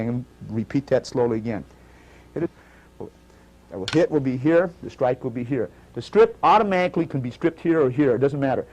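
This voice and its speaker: Calm man teaching a stick-fighting demonstration. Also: mid-range voice, a little hiss or hum. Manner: calm, methodical, repeats cues like "notice" and "okay". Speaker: martial arts instructor. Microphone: stage demonstration recording.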